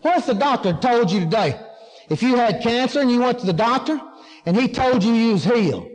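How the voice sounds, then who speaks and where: A man's voice: very high-pitched, animated, brisk. A man preaching a sermon, emphatic and drawling key words as he asks and answers his own questions. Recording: long hall reverb.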